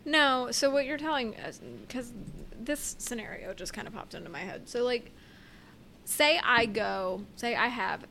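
Bright sharp woman's voice, chatty podcast co-host, little hiss behind. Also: a little high, measured pace, vocal fry. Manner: chatty, filler-heavy, thinks aloud. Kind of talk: casual podcast discussion.

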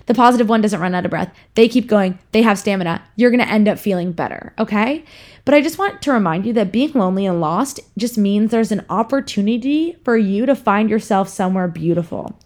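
A woman's voice: mid-range voice, lively intonation, brisk, darkish tone. A young woman hosting a casual monologue, frank and profane as she gives an earnest, heartfelt pep talk to her listeners. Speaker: podcast host, influencer.

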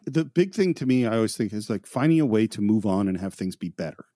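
A podcast co-host casually talking through a film. His pitch moves a lot as he retells scenes. The sound is dry and close. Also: animated, fast, warm tone, dry recording.

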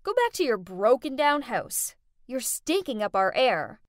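A woman's voice: fairly high pitch, sing-song, unhurried, no echo, studio quality. A woman voicing a spoiled, mean rich teenage girl who snaps and screams. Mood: nasty. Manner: snapping, screaming.

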